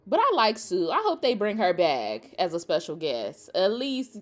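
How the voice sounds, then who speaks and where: A woman's voice: on the low side, big pitch swings, normal speed, soft background music. A young woman in a casual, profane rant reacting to a TV show, sassy and exasperated.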